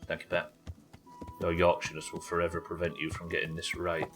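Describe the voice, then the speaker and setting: A man's voice: deep voice, monotone, fairly quick, over music. A man streaming a game live, chatting casually with his viewers and swearing freely as he goes. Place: home streaming setup.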